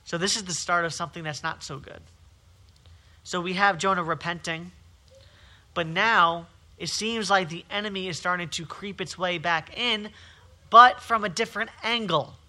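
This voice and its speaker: High, very bright-voiced man preaching. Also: normal speed. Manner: emphatic, repetitive preaching with rising and falling intensity. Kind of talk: sermon.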